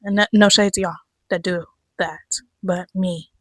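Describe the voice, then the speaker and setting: A young woman chatting casually to camera about her year, candid, swearing freely and laughing often, her voice going hoarse. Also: mid-range voice, steady tone, moderate pace, fairly bright tone, no echo. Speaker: vlogger.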